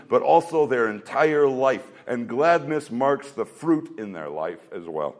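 A man delivers a sermon in an earnest, mid-pitched voice. He asks his listeners rhetorical questions, slowing down and speeding up as he drives each point home. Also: very animated, darkish tone, soft background music. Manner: earnest preaching, rhetorical questions, shifting pace. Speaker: pastor.

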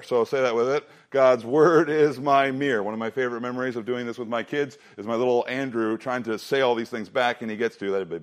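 A student ministry pastor, middle-aged with a mid-range voice, preaches to a student youth group. He delivers the memory lines slowly and with emphasis, slipping in joking asides.

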